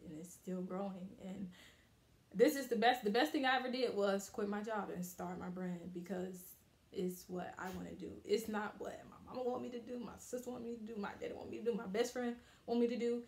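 A young woman talks straight to camera in a casual motivational vlog, candid and emphatic, leaning on repeated phrases to drive her point home. Her voice sits at an ordinary middle pitch. The sound bounces around a small, hard-walled room. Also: vocal fry, a little mellow, roomy sound. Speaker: vlogger. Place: her bathroom.

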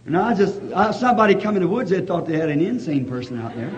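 A man preaching a revival sermon, telling a story in a hushed voice and then breaking into excited shouts of praise. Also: high voice, quick pace, hardly any pauses, some chatter behind. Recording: dull lo-fi archival tape.

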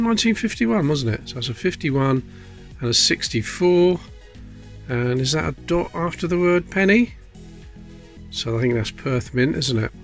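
With a fairly high pitch and noticeable vocal fry, a coin-collecting channel host chats his way through a pile of pennies. He's self-deprecating and talkative, trailing off into muttering as he examines them closely.

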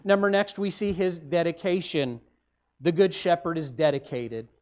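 A man with a Midwestern American accent, preaching a sermon as pastor, rising emphatically for stress and dropping low at the ends of phrases. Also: moderate pace.

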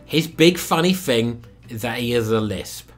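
A young man reviewing a film in a sarcastic comedic commentary, swinging between loud outbursts and muttered asides. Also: medium pitch, lively intonation, unhurried, soft background music.

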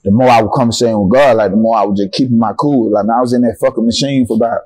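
Talking rapid-fire in a medium-pitched voice, a Southern-accented young Atlantan guesting on a casual interview recounts what happened to him. He curses heavily and performs the dialogue of the other people with lively energy.

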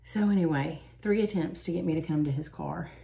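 A woman's voice: low voice, creaky, slight background noise. A woman, chatting and laughing as she tells stories while doing her makeup. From Southern United States. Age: 40s. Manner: chatty, animated, quick to laugh. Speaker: beauty vlogger.

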